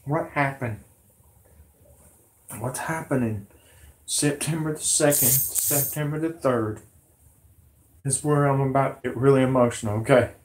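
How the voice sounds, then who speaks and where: A man with a drawl whose voice is hoarse and worn from illness. He rambles to his viewers, agitated and pleading, circling back over the same words again and again. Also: medium pitch, a little slow, long pauses. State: hoarse, sick voice. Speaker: conspiracy vlogger. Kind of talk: rambling monologue to camera.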